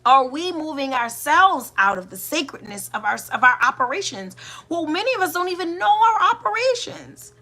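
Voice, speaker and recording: A woman, a doula and mother, hosting a reflective spiritual monologue, asking many rhetorical questions with pauses and restarts. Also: high voice, animated, bright, forceful tone. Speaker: podcast host and doula.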